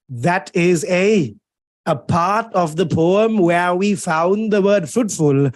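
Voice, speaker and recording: A young man with a Sri Lankan English accent giving an energetic live literature lecture, playful and teasing, stretching out key words for emphasis. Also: sits high. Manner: lively, playful and teasing, drawn-out dramatic emphasis.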